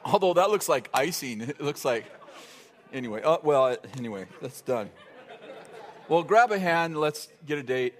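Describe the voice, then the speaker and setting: A middle-aged male pastor tells a story from the pulpit, his voice sitting fairly high for a man. He wanders through the tale, stopping and restarting sentences and laughing along the way. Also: lively intonation, normal speed, slight background noise. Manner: rambling, self-interrupting, laughing through a funny story. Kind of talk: sermon storytelling. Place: church sanctuary.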